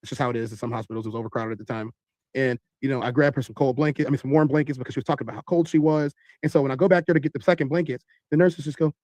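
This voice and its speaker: A man telling a long story in animated style, acting out other people's voices. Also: medium pitch, fast, no echo. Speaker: podcast host telling a story.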